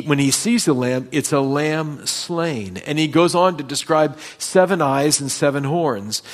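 Male preacher, expository sermon, emphatic peaks when reading and stressing key phrases. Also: medium pitch. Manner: reads scripture aloud with rising emphasis.

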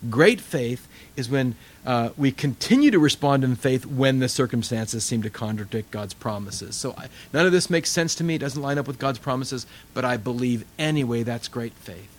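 A middle-aged man preaching a sermon in a conversational, animated storytelling way. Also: medium pitch, moderate pace, few pauses. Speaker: pastor.

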